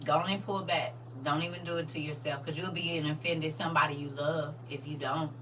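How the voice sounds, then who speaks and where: A woman hosting a casual livestream, chatting to viewers as "y'all" and answering their comments aloud, with expressive swings from hushed to loud. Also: low voice, brisk, background noise. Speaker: livestream host.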